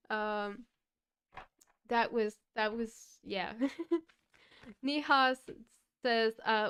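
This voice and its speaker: Woman tarot reader on a live stream, gentle and halting, unhurried delivery, very clean clear voice. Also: a little high. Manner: gentle, halting, many fillers. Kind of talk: live-streamed card reading.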